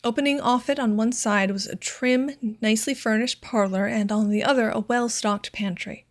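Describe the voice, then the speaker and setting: A woman narrating a classic short story as an audiobook reader, in a measured, clear storytelling manner. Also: on the high side, fairly even intonation. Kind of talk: scripted narration.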